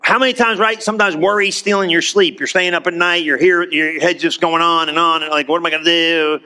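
A pastor giving a lively, conversational sermon, often acting out quoted voices and restarting his sentences. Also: on the high side, fairly quick. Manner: repeats himself with restarts.

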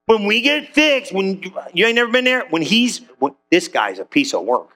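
A middle-aged male pastor preaching a lively sermon, joking and calling out to the congregation. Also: sits high, normal speed. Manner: animated, joking, calls out to the congregation.

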